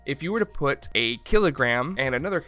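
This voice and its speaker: A man's voice: medium pitch, animated, a little fast, sharp tone, soft background music. A man with a slight Southern twang hosting a casual comedic science explainer, irreverent and swearing freely. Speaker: science video host.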